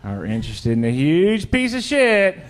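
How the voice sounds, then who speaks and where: A man's voice: on the high side, wildly swooping pitch, moderate pace. A man performing a stand-up comedy set on a club stage, telling crude, self-deprecating confessional jokes and questioning the crowd directly. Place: comedy club stage before a laughing audience.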